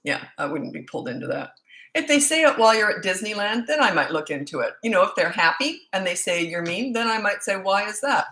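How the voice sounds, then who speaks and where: Her medium-pitched voice swings widely in pitch, fast, bright and forceful, as a woman with a Canadian accent works as a parenting coach on a live-stream Q&A. She speaks frankly to viewers, greets them by location, and records on her own set-up mic with rough sound quality.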